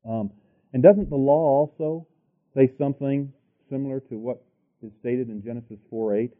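A man preaching a sermon, reading scripture aloud and thinking aloud between verses with halting restarts. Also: mid-range voice. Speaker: pastor. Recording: tinny lo-fi sermon tape.

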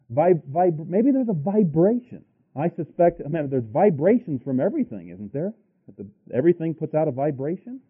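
A man's voice: on the high side, big pitch swings, moderate pace, breathy edge. Man preaching over a tinny tape. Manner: thinks aloud with restarts and fillers. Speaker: pastor. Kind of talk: sermon with scripture reading.

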